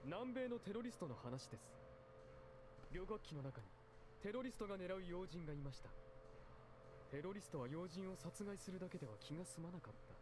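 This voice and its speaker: A cold, calculating young schemer in a visual novel, coolly polite with a quiet menace. His voice sits a little high and swings widely, and the lines come out very fast. A steady hiss runs under the game audio. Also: music in the background. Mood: menacing. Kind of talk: Japanese visual novel voice acting.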